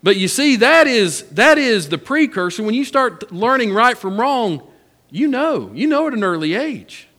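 A man's voice: extremely high pitch, big pitch swings, a little slow, a bit bright, in a large hall. A man preaching a sermon, a folksy storyteller who repeats his phrases. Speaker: pastor.

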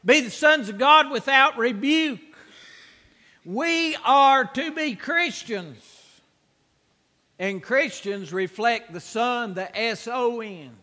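A man preaching a sermon with emphatic, repeated exhortations that swell into shouts. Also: very high voice, lively intonation, slow pace, long reverb tail.

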